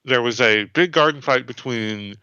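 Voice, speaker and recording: Bright, crisp-voiced man rambling casually. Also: medium pitch, moderate pace, no echo. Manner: rambling, hesitant, swears casually. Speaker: podcast co-host, new player. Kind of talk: casual podcast chat. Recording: dull lo-fi sound, faint music.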